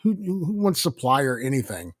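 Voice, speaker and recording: A man's voice: mid-range voice, very animated, moderate pace, dry recording, studio quality. A married man co-hosting a casual food podcast, easygoing, often repeating words as he starts. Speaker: podcast co-host. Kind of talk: casual chat.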